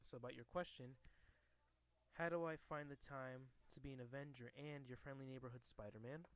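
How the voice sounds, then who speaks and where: A man's voice: medium pitch, normal speed, no echo, lightly acted. A man reading a tired, wisecracking young male superhero's lines from a comic, plainly and barely acted. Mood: wry. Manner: flat read-out dialogue, barely acted.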